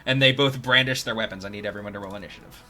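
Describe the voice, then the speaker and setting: A man narrating a tabletop game as dungeon master, describing scenes slowly with pauses and fillers. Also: lowish voice, sharp tone, soft background music.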